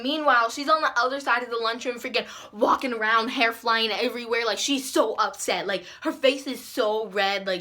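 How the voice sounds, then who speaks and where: A teenage girl telling a story in a casual vlog. She swears often and acts out quotes loudly and excitedly. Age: teens. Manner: animated and profane, acting out quotes with big jumps in pitch and loudness. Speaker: vlogger.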